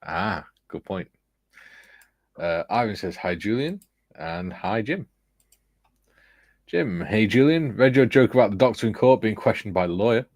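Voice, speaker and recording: A man's voice: fairly low pitch, lively intonation, measured pace, pauses often, darkish tone, no room sound. A man hosting a casual livestream, reading viewer comments aloud with a chuckle. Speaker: livestream host reading chat. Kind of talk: casual chat.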